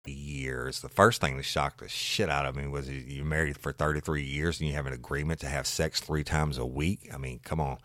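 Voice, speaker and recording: A man who was a police officer, casually telling a story from a call, swearing and getting louder as he goes. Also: extremely low pitch, normal speed, no echo, studio quality. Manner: animated, swears, growing louder in retelling.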